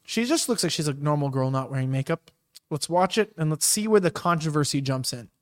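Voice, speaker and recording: High-voiced rambling male host. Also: animated, fairly quick. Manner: rambling, filler-heavy, loose and joking. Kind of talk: casual livestream chat.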